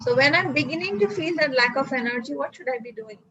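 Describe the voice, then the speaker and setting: A woman doctor teaches a webinar class, with a voice pitched a little high. She keeps asking her listeners questions and slips into quick everyday voices for her examples. The sound is dull and lo-fi, like compressed online meeting audio. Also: lively intonation, fairly bright tone. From India. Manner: asks many questions, acts out everyday voices. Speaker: doctor giving a health talk. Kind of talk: webinar lecture.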